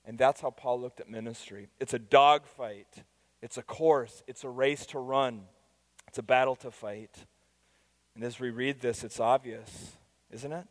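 A man preaching a sermon as pastor, moving between soft, intimate asides and loud, emphatic declarations. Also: medium pitch, fairly even intonation, normal speed. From United States.

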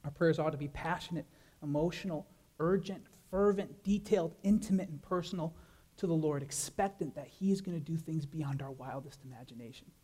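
A man pastor preaching a sermon, animated, with many rhetorical questions and repeated words. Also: a little high, fairly quick, breathy edge.

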